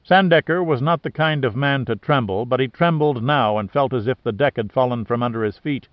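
A man narrating a thriller audiobook in a steady, even reading manner. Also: mid-range voice, a little fast, few pauses, no echo. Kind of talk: scripted narration. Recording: dry, slightly dull lo-fi sound.

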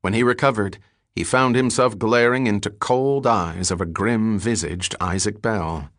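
A man narrating an audiobook in an even, steady storytelling manner. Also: fairly low pitch, measured pace, no echo, studio quality. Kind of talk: scripted narration.

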